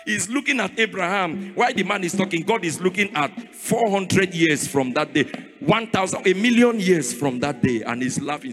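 A man with a Nigerian accent preaching a sermon in a sing-song cadence that rises to shouts. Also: sits high, lively intonation, moderate pace. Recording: reverberant hall with faint music.

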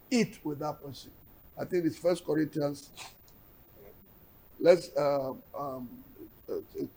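A man's voice: on the high side, vocal fry, a little mellow, slightly rough, poor audio. A man, a pastor, answering viewer questions in a blunt, firm way, sometimes chuckling and searching for words. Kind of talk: unscripted Q&A on faith.

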